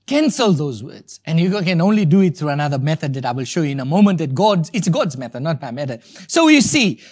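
A man preaches, hammering home his points by repeating key words. His pitch swings widely as he builds emphasis. He sounds lively and insistent throughout. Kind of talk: sermon.

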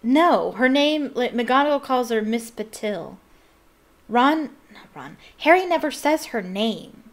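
A woman's voice: fairly high pitch, expressive, a little slow. A woman hosting a casual read-aloud, chatting in rambling, giggly asides. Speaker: reader and host.

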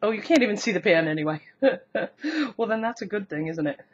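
A cooking vlogger films a casual demo in her home kitchen, rambling, laughing a lot, and poking fun at herself as she talks to the camera. Her voice is medium-pitched, quick, and slightly rough, with lo-fi sound from a camera on the counter that later becomes handheld.

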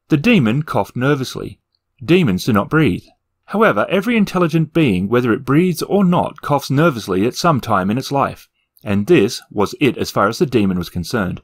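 A man reading a fantasy novel aloud with expressive storytelling and wry asides. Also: on the low side, moderate pace. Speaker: narrator and reviewer.

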